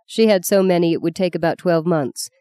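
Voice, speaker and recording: Low, mellow woman narrating a story. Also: a little fast, clear, resonant tone, no room sound, clean studio sound. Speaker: audiobook narrator. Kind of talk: scripted narration.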